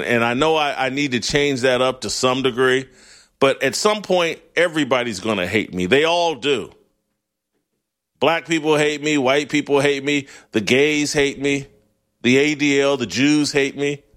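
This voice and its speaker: A middle-aged man hosting a sports talk show, delivering a blunt, opinionated monologue with frequent laughs and restarts. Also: mid-range voice. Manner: animated, blunt, laughs often, restarts mid-phrase.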